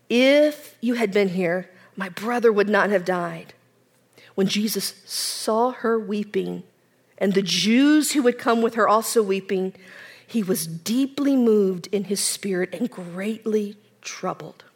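Dramatic woman preacher. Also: a little high. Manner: dramatic, varies volume, drops to whispers. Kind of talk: sermon.

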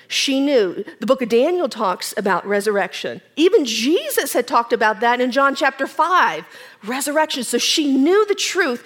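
A woman preaching a sermon, retelling scripture with dramatic shifts from loud emphasis to near-whispers. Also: a little high. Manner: dramatic, varies volume, drops to whispers.

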